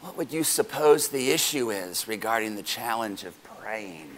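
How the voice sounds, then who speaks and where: A man pastor preaching a sermon to his congregation, animated and joking with them as he goes. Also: lowish voice, moderate pace, slight background noise.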